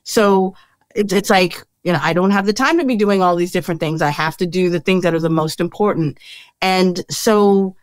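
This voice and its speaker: A woman in casual conversation, talking reflectively and thinking out loud about her plans. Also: fairly low pitch, no room sound. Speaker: co-host.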